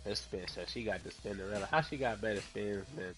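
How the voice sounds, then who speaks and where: A man streaming a fighting game, telling stories in a loud, profane, laughing way. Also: fairly low pitch, fairly quick, soft background music. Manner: profane, laughing, animated storytelling. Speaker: gaming streamer. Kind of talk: casual commentary while playing.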